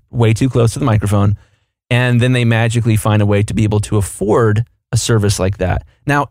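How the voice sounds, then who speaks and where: A man's voice: medium pitch, dry recording, studio quality. A man co-hosting a podcast, explaining and coaching in casual chat. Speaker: podcast co-host.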